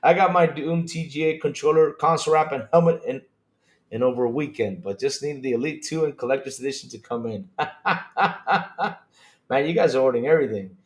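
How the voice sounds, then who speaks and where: A man hosting a live gaming stream, talking excitedly with his viewers and reading their chat, repeating himself and laughing often. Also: medium pitch, fast talker.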